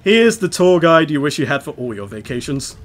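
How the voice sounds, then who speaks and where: Chatty higher-voiced man playing a video game. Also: sing-song, a little fast, slight background noise. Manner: chatty, rambling, laughs often while explaining. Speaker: let's play host playing the game. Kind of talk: casual gameplay commentary.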